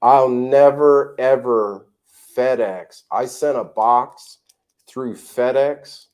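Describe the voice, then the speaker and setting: A man from the United States hosting a casual livestream chat from home, blunt and animated, cursing freely as he tells stories. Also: mid-range voice, slow pace. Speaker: vlog host. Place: home in the tropics.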